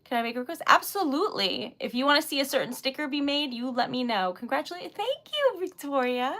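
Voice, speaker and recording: A woman's voice: high-pitched, sing-song, quick pace, a bit bright. A young woman from New England chatting casually on a livestream while crafting, jet lagged, giggling often and rambling through stories. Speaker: livestream host making wax stickers.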